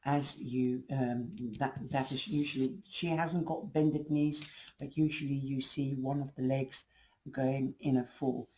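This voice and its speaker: A man's voice: medium pitch, fairly even intonation, unhurried, mellow, slight background noise, low-quality recording. A man giving a casual, rambling tarot reading to camera, losing his voice. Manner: rambling, reassuring, restarts often. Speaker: tarot reader.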